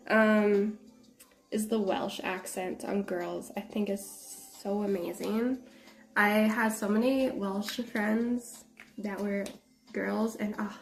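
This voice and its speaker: A woman chatting casually with her viewers while she paints, laughing often and drifting closer and farther from the mic. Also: mid-range voice. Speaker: art streamer.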